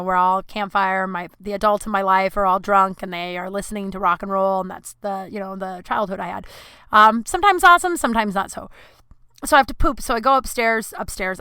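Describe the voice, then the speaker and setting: A woman's voice: mid-range voice, sharp tone, smooth, no echo. A woman hosting her podcast, telling a rambling, profane, self-deprecating story in a casual monologue. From Colorado. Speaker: podcast host.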